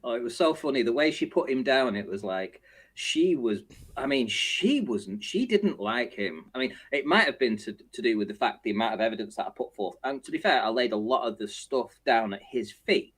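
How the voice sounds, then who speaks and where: A man spinning a story on a casual podcast, his voice rising and falling all over the place as he goes. He laughs often and slips into other people's voices to act the story out. His pitch sits in a middling range. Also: lively intonation, normal speed, fairly bright tone, husky. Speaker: show host.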